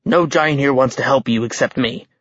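A man voicing a sly, desperate giant king who booms for show and snarls under his breath in an audiobook. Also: normal speed, no echo, muffled recording, natural voice. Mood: urgent hushed. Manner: loud showman bluster, then low urgent snarl.

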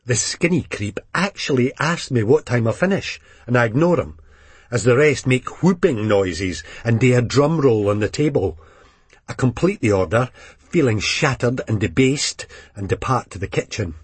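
Husky male audiobook narrator. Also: mid-range voice, expressive, moderate pace, dry recording. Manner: wry, seething first-person storytelling with frequent swearing. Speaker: audiobook reader. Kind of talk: first-person novel narration.

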